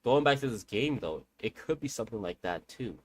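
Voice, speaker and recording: A man's voice: mid-range voice, animated, brisk. A man streaming a game who tells a long story in casual, rambling talk, with slang and swearing, addressing his viewers directly.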